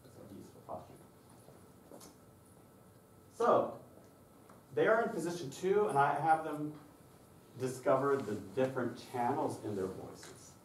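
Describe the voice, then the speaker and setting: A man leading a workshop on children's singing, lively and demonstrative, acting out the voices he describes. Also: medium pitch, slow pace, pauses often, slight background noise. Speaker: choral music clinician. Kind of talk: conference workshop presentation. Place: conference session room. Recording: echoey room from far off.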